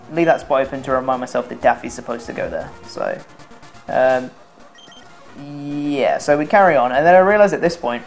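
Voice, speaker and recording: Sarcastic young guy narrating gameplay. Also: a little high. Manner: sarcastic, self-mocking, swears freely. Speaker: let's play commentator. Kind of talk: casual gameplay commentary.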